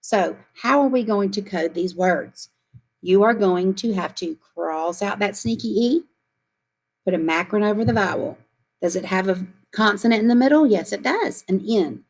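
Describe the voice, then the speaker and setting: A woman teacher leading a phonics lesson for young children, speaking slowly and clearly and repeating questions for the kids to echo. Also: medium pitch, expressive.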